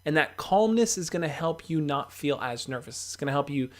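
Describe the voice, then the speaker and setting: A young man hosts a casual livestream and speaks right to his viewers in an easygoing, encouraging way. His voice sits a little high for a man. He talks loosely, with fillers and restarts. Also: expressive, fairly quick. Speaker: livestream host giving dating advice. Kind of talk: casual livestream advice talk.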